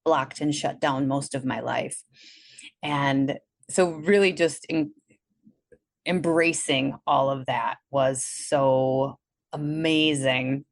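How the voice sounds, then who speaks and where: A woman from Milwaukee with a Wisconsin accent, a guest in a casual interview, telling her story with animation and acting out her past thoughts in a higher voice. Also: steady tone, slow pace, no echo. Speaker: guest, energy healer.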